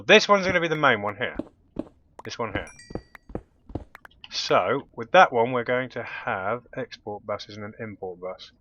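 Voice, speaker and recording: A man talks through his gameplay in a casual, thinking-aloud way, muttering and correcting himself as he goes. His voice is bright and forward, and the recording sounds a little dull and lo-fi, like a home desk mic. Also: medium pitch. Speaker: let's play host.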